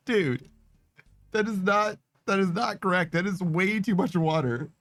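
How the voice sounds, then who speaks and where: Speaking at a moderate pace in a steady, slightly high voice, a gaming streamer rambles through casual chat with his audience, laughing a lot, cursing freely and poking fun at himself. The sound is dry and close-miked, no echo, with faint background music.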